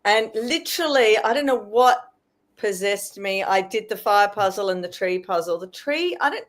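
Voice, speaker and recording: A woman with a mid-pitched voice chatting as a podcast guest. She talks hesitantly, with frequent fillers as she searches for words. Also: lively intonation, normal speed. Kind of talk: casual chat.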